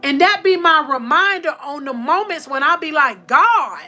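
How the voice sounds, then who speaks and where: A woman's voice: sits high, lively intonation, normal speed, few pauses, pushed and bright, soft background music. A woman hosting a faith-based motivational livestream, telling a personal testimony, calling her viewers y'all, emotional and close to tears. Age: adult with four sons.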